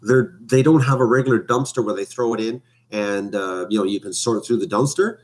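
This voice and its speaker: A man's voice: fairly low pitch, a little fast. Rambling man on a live stream. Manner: rambling, hesitant with many fillers. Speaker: vlogger. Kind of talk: casual live stream chat. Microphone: webcam.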